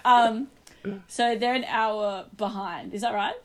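A woman's voice: a little high, slow. Laughing woman telling a story. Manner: animated storyteller, laughs often. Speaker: podcast co-host. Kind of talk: casual storytelling chat.

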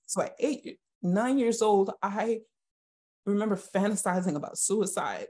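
A woman, a podcast guest, recounting a painful personal story in a halting, emotional way with frequent restarts. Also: medium pitch, animated, darkish tone. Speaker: guest sharing her story. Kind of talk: personal testimony in a podcast interview.

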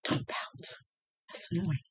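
A young woman ranting bluntly and sarcastically to camera as a vlogger. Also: a little slow. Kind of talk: casual rant to camera.

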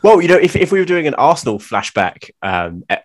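A young man co-hosting a casual podcast, with dry, wry jokes and quick laughs. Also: on the high side, very animated. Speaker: podcast co-host. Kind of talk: casual pub-banter podcast chat.

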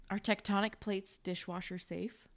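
A woman's voice: on the low side, darkish tone. A woman co-hosting a comedy podcast, chatting playfully and laughing often. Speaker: podcast co-host. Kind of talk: casual comedy chat.

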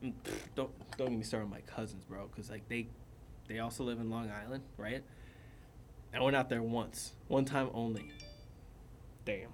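A man's voice: medium pitch, fairly even intonation, moderate pace, pauses often, a little hiss or hum. A young man chatting casually as a podcast co-host, often laughing and acting out what others said. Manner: laughs a lot, acts out quotes. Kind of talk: casual chat.

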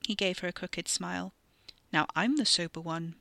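A blunt, offhand young man, as a woman narrator reads him, his words clipped and short. The voice sits low but bright and forward, recorded close and dry. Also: normal speed, creaky, no echo. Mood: wry. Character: wry young man, recovering addict cousin.

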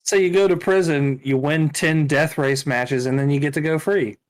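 A man of middle pitch in a casual podcast, laid-back and quick with wisecracks and short asides. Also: fairly even intonation, rough recording.

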